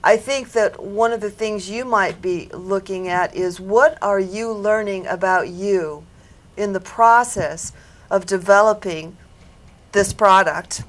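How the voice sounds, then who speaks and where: A woman on a psychic panel speaks slowly and deliberately, weighing each thought before going on. Her manner is earnest and reflective, and she often stops to ask whether her reading rings true for the listener. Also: mid-range voice. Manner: slow, earnest and reflective, asking if it makes sense. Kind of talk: giving a reading to an audience member. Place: studio with audience.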